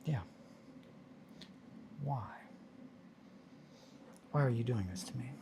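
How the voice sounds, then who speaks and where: A man's voice: mid-range voice, slow, creaky, noisy background. A man hosting a casual hobby livestream, talking to himself and coaxing tiny parts into place as he builds miniatures. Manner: mutters and coaxes at fiddly parts, self-talking.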